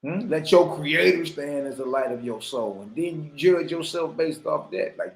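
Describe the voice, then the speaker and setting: A man's voice: on the high side, animated, moderate pace, gravelly, few pauses. Fiery preaching man in an echoey room. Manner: fiery, rhetorical, keeps asking the listeners questions. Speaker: teacher. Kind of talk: preaching lesson reading from a text.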